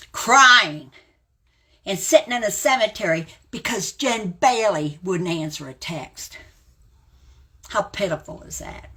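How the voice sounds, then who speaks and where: Older woman, 70s, blunt live-stream ranter; bright, forceful voice. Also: on the low side. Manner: blunt, combative ranting and name-calling.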